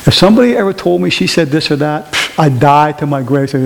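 A man preaching a sermon in a church, telling stories and mimicking other voices in an animated way. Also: on the high side, brisk, vocal fry. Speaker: pastor. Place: church sanctuary. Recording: reverberant hall with faint hiss.

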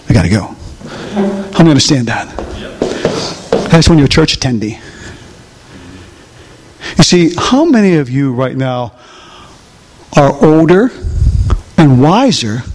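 Folksy older preacher with a high voice. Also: male voice, long reverb tail. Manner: folksy, animated, asks the congregation questions. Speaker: pastor. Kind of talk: sermon.

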